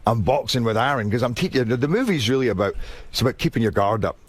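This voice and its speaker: A Scottish man, an actor guest, chatting in an interview in an animated way and often repeating words as he thinks. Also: medium pitch, quick pace, no room sound. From Scotland. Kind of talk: casual interview chat.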